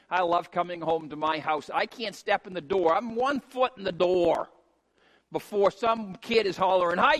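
A middle-aged man preaching a sermon as a pastor, emphatic and rising to shouts on key points. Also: high-pitched. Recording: long hall reverb.

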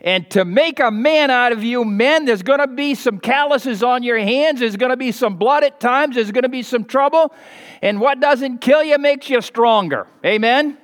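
A man preaching a sermon as the pastor of his church, fervent and emphatic, shifting between loud stressed points and quiet asides. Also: extremely high pitch, normal speed. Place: church sanctuary with balcony. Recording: long church reverb.

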